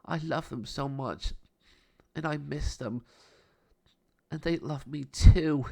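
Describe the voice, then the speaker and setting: A man putting on a sweet, gentle young woman. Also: a little high, takes it slowly, vocal fry, voice pushed up, heavily acted. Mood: grieving. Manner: soft, sweet, raised voice. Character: gentle young woman, kind and tender-hearted.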